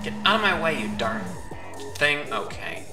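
A woman commentating on a game she is playing, playful and excitable, talking to the characters on screen. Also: deep voice, moderate pace, creaky. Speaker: gaming channel host. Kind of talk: let's play commentary. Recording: music playing under voice. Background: background music.

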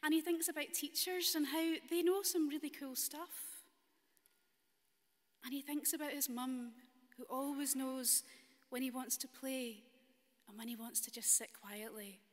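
Unhurried Scottish woman minister. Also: high-pitched. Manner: gentle, playful storytelling. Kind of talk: children's story in a church service. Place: large stone cathedral. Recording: long cathedral reverb.

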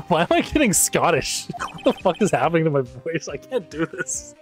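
A man narrating a video game in casual commentary, with his pitch moving a lot as he laughs and mocks himself. Faint music plays underneath. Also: very animated, normal speed. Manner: laughing, self-mocking asides. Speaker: game let's-play narrator.

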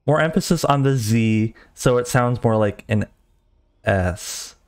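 A man's voice: mid-range voice, unhurried, darkish tone. A young man livestreaming a strategy game, chatting casually and laughing often in a flustered, self-mocking way. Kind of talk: casual gaming stream chat.

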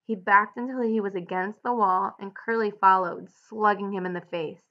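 Woman teacher, read-aloud with clear explanatory annotations, slightly muffled recording. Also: mid-range voice, fairly even intonation, moderate pace.

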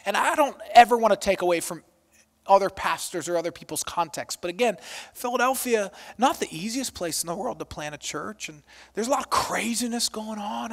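Pastor in his thirties, lively storytelling sermon, fairly high male voice, shouts out the quoted lines. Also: creaky. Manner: animated, self-deprecating, acts out quotes loudly.

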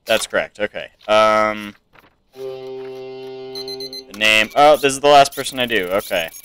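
Slow, bright-voiced man thinking aloud. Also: medium pitch, soft background music. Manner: thinks aloud, checks items off to himself. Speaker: game player. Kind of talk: casual gameplay commentary.

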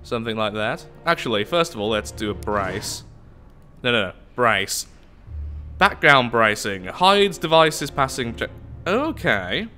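A man's voice: medium pitch, sing-song, measured pace, bright, forceful tone, soft background music. A man giving casual, jokey let's-play commentary, reading on-screen text aloud and exclaiming. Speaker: gameplay commentator.

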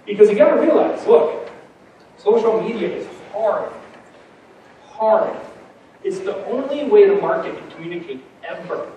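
A man giving a conference keynote, punchy and energetic, full of rhetorical questions. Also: high voice, heavy reverb, distant mic, highs cut off, a little hiss or hum. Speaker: keynote speaker. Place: large conference hall.

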